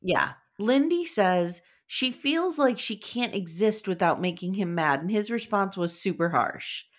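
Lively, blunt woman podcast host. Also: mid-range voice, a little slow. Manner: sarcastic, blunt, swears freely. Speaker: podcast host recapping a reality show. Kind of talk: casual chat.

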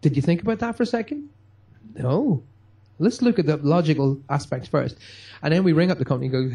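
A man's voice: fairly high pitch, animated, fast, dark tone, slightly rough. A man giving an emphatic motivational talk, acting out quotes in a radio-style chat. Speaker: guest speaker.

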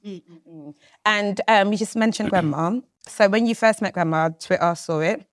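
A woman hosts a relaxed podcast interview, chatting easily and laughing often. Her mid-pitched voice swings up sharply when she gets excited. The recording is dry and close. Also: moderate pace, dry recording. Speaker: podcast host interviewing a couple. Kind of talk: casual interview chat.

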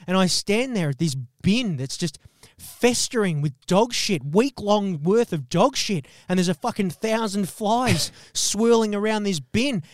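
A high-pitched man co-hosting a comedy podcast, ranting in an exaggerated, foul-mouthed way and laughing as he goes. His voice sits close and dry on the microphone. He pushes each complaint for comic effect. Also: animated, unhurried, no echo. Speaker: podcast co-host. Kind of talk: comedic rant.

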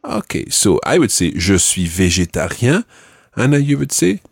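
A male language teacher leading a spoken lesson, patiently modelling words slowly and clearly. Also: lowish voice, very animated, no room sound, studio quality.

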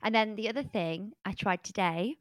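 A woman's voice: medium pitch, normal speed, no echo. Giggly woman co-host. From English Midlands. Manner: playful, giggly, jokey. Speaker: podcast co-host. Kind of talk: casual chat.

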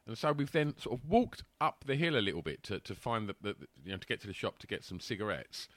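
Animated bloke telling a story. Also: male voice, fairly low pitch, fast talker, dry recording. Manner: animated, laughing, acts out voices. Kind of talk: casual storytelling chat.

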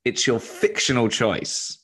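A man's voice: mid-range voice, big pitch swings, slow pace, a bit bright, slightly rough. A man hosting a casual chat, introducing guests in a playful, self-deprecating way. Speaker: host.

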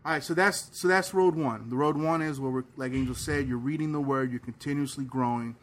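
A male podcast co-host who leads a casual faith discussion. He speaks in an animated way and chimes in with quick affirmations. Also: mid-range voice.

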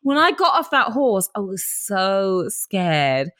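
A woman in casual chat, expressive and quick to laugh, her pitch rising and falling widely. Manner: expressive, laughs often, wide swings in pitch.

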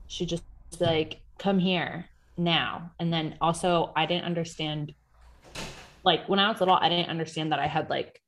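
A woman co-hosting a podcast in casual chat, swearing freely, laughing often and acting out the voices of people she quotes. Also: low-pitched. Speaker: podcast co-host.

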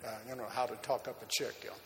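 A man preaching a sermon, telling a personal story in an animated, folksy way, with frequent laughs and fillers. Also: medium pitch, rapid-fire, a little hiss or hum. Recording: long hall reverb, faint background ambience.

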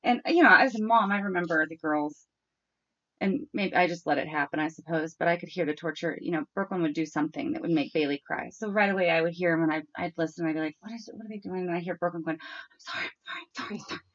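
A woman's voice: on the low side, fast talker. A woman hosting a casual podcast chat, telling family stories and acting out the quotes. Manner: animated storyteller who acts out quotes. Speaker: podcast host and mother. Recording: lo-fi podcast audio.

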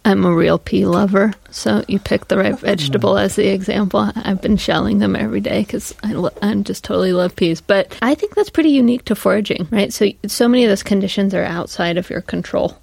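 A woman's voice: medium pitch, fairly quick, vocal fry, hardly any pauses, darkish tone, breathy edge, dry recording. A woman hosting a casual interview, chatting enthusiastically and asking questions. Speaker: host, interviewer.

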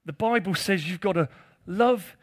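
A man's voice: sits high, moderate pace. A male pastor preaching a conversational sermon, with jokey asides to his congregation.

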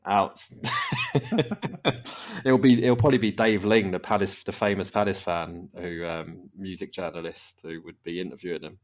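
Podcast host, man, deep low voice, rambling and laughing. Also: fairly even intonation, moderate pace, darkish tone. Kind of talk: casual chat.

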